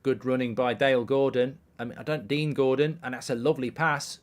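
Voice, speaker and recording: During a live football watchalong, a thirtysomething host chats casually between moments of play, reading viewers' questions aloud and answering in a dry, offhand manner. His middle-pitched voice stays steady, brisk, and nearly pause-free.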